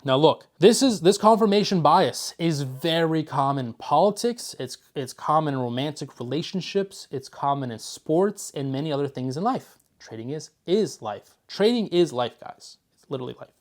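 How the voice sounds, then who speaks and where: A man's voice: fairly high pitch, normal speed, hardly any pauses. Emphatic man coaching on trading. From Philadelphia. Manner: emphatic, repetitive, pumps up his voice when excited. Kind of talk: course lecture to camera.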